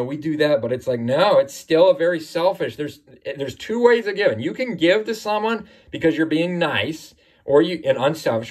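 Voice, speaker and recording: Emphatic man teaching scripture, higher-pitched voice. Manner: emphatic, repeats "right?" often. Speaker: Bible teacher. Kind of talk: informal religious teaching.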